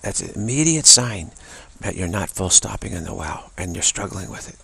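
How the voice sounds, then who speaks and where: A man giving an unscripted spiritual talk, halting and repeating words between pauses. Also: low voice, expressive, pushed and bright. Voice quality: gravelly, husky. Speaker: spiritual teacher.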